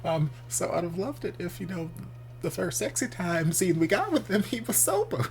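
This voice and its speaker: A man's voice: sits high, very animated, moderate pace, creaky, slight background noise. A man hosting a reaction video, commenting candidly and expressively and swearing casually.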